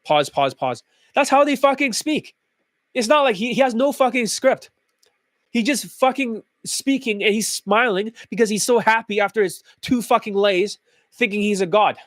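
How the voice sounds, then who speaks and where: A man with a high voice rants bluntly, mocking and swearing as he goes. The sound is dry and close, with no room around it. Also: normal speed, fairly bright tone, no room sound. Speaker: dating coach host. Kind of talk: profane reaction rant.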